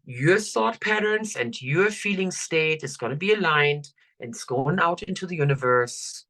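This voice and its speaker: An older woman coach, leading listeners through affirmations in a slow, soothing, drawn-out way. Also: low-pitched, animated, a bit bright. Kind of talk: guided affirmation talk.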